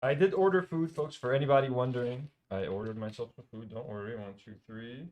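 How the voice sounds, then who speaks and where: A man's voice: mid-range voice, fairly quick, darkish tone. A man streaming a LEGO build, chatting casually, muttering piece counts to himself and swearing now and then. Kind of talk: casual live-stream chat.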